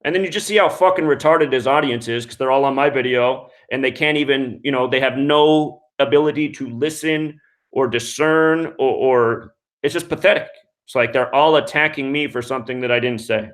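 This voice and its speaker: A man's voice: medium pitch, moderate pace, fairly bright tone. Male call-in host, contemptuous, foul-mouthed, ranting. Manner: angry, scornful, swears constantly. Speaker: radio show host. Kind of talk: profane call-in show rant.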